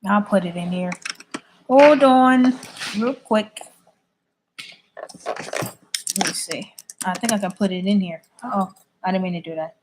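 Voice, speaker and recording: At a measured pace with long pauses, a woman of medium pitch chats casually on her YouTube livestream. She reads comments and responds bluntly and opinionatedly, while background noise runs underneath.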